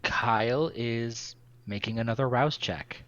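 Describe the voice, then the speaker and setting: A man's voice: medium pitch, unhurried, a bit bright. A man playing in a tabletop game, talking rules in a matter-of-fact way, heard through a dull, lo-fi mic. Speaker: player.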